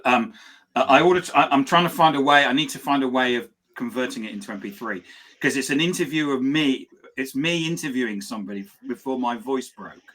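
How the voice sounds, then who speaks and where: A man's voice: mid-range voice, brisk, fairly bright tone. A man co-hosting, chatting casually and telling a rambling, self-interrupting anecdote. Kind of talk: casual chat.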